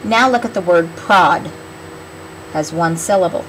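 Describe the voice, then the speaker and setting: A woman teacher giving a classroom spelling lesson, speaking clearly and patiently and drawing out words so students can hear their sounds. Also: on the low side, a little slow, fairly bright tone, a little hiss or hum, low-quality recording.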